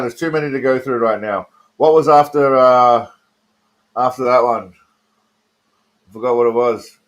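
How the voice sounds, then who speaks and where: An Australian man streaming live, joking and rambling as he talks to his chat by name while reacting to trailers. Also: mid-range voice.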